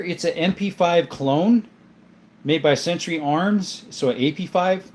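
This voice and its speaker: Reading chat on his livestream, a friendly man answers viewers' questions about his gun collection, frequently calling people "my friend" and "mate." He speaks unhurriedly in a slightly high, slightly mellow voice.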